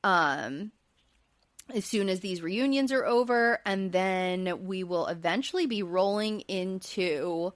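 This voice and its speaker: A woman's voice: mid-range voice, slow, dry recording. A woman hosting a podcast and recapping a reality show in casual, chatty talk, with plenty of fillers and light laughs. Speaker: podcast host.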